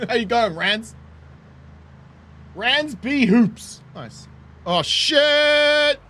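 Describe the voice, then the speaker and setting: Lively, swearing New gamer. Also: medium pitch, very slow. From New Zealand. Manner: swears freely, laughs often, chatty and joking. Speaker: game streamer. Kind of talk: casual gameplay commentary.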